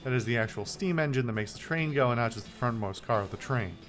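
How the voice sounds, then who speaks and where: A man's voice: mid-range voice, lively intonation, quick pace, a bit bright, faint music behind. A man hosting a video game playthrough, reading the game text aloud with playful commentary in a wry, joking, rambling way. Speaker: let's play host.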